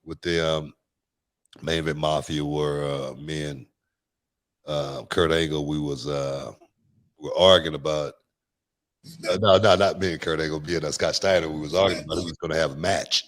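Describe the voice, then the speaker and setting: Deep low guy rambling thru old stories, lots of uh and restarts, casual host. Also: steady tone, normal speed, pauses often, a bit bright. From Houston, Texas. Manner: rambling storytelling with many restarts and fillers. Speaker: podcast host. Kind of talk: casual chat.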